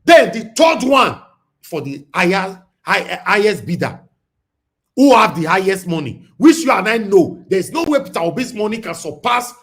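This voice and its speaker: A man's voice: high-pitched, very animated, normal speed. A man arguing his point insistently in a heated live-stream debate. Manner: insistent, argumentative, repeats himself. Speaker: discussion participant.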